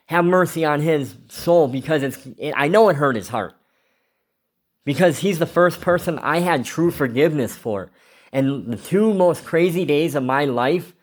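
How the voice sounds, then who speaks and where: Man, vlogger, raw confessional monologue; rambling, profane, emotional, a touch higher voice than most men.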